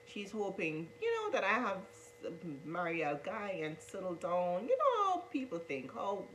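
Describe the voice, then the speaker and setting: Speaking to camera, a woman earnestly tells her emotional coming-out story, repeating herself and often calling viewers "guys." Her mid-range voice swings hugely in pitch, with a fairly bright tone at normal speed, over a rough recording with a bit of hiss or hum.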